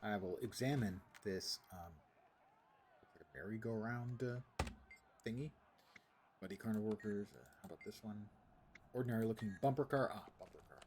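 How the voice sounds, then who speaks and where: A man's voice: on the low side, moderate pace, pauses often, background noise. A man streaming a video game, making wry, joking asides in casual gameplay commentary.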